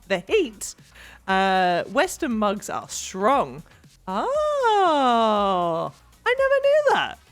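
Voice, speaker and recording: An English woman in her young adult years chats away on a stream, bubbly and full of giggles, her fairly high voice swooping up and down as she rambles. Soft music plays faintly underneath. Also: no room sound. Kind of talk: casual chat while cleaning.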